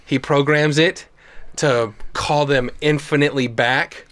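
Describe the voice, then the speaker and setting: A man's voice: a little high, steady tone, a little slow, fairly bright tone. Man, podcast co-host, casual chat, laughs a lot, acts out lines.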